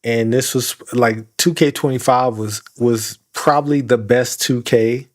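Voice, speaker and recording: A man's voice: medium pitch, measured pace. A young man co-hosting a podcast in casual chat, laughing often and acting out quoted lines. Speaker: podcast co-host.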